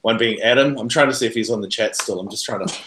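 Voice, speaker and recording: A man's voice: on the low side, fast, a crowd in the background. A man with a New Zealand accent, a podcast guest chatting casually and telling jokey stories with frequent laughter. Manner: joking storyteller, laughs often. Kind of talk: casual chat. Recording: roomy echo, faint noise.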